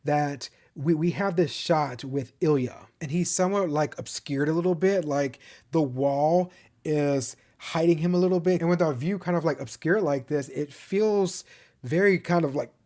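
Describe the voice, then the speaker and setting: Chatty man with a higher voice. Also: normal speed, mellow. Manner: chatty and rambling, many "like" fillers and restarts; fond, gushing enthusiasm. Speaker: TV show reviewer. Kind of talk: casual recap commentary.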